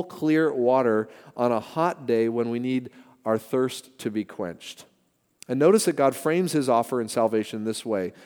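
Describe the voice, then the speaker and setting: A middle-aged male pastor preaches in an earnest, conversational way, slipping easily into personal stories. His voice is mellow and rounded. The sound carries the long reverb of a church sanctuary. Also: medium pitch. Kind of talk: sermon.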